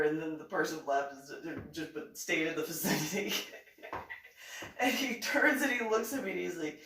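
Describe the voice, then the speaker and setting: A middle-aged woman telling a personal anecdote in a giggly, excitable way, laughing often, in an echoey room away from the mic. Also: low-pitched, moderate pace, recorded from a distance. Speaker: vlogger.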